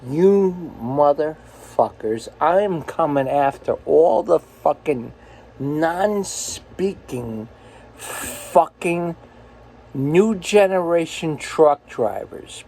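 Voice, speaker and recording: A man's voice: a little high, animated, slow, warm tone, slight background noise, rough recording. A man in his forties, a truck driver, ranting in a profane, angry, rambling way while filming himself on a phone in his truck cab. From United States. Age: 40s. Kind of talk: ranting self-filmed vlog.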